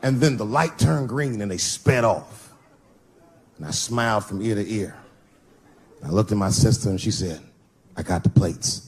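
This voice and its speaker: A man performing a profane, animated stand-up routine, telling a long story. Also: on the low side, normal speed, pauses often, husky. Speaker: stand-up comedian. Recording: live stage recording with audience noise.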